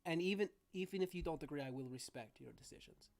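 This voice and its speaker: A woman voicing a kindly old grandfatherly man with a cane, soft-spoken and gentle in a tabletop game. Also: deep voice, fast.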